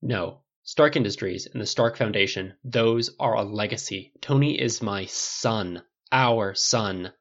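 A man's voice: fairly low pitch, measured pace, hardly any pauses, highs cut off. A man reading aloud and voicing a firm, cutting middle-aged mother in an audiobook of a story. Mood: sharp, bitter. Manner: sharp, exasperated, poisonous.

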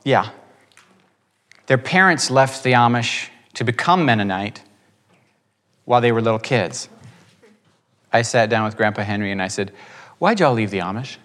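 A man who preaches, telling a lively testimony in conversation and acting out the quotes. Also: medium pitch. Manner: animated, acts out quotes, quick bursts. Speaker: preacher and guest. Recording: reverberant room.

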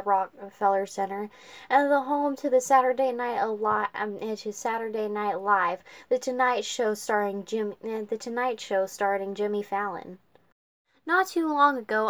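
Halting woman reading a novel aloud. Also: mid-range voice. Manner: halting, filled with uhs and restarts. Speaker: reader.

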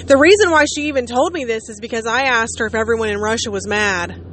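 A woman's voice: on the high side, fast talker, a bit bright, a little hiss or hum. A woman in her late thirties chatting casually to her viewers, rambling and poking fun at herself. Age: late 30s. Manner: chatty, rambling, self-mocking. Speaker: vlogger. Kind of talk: casual chat.

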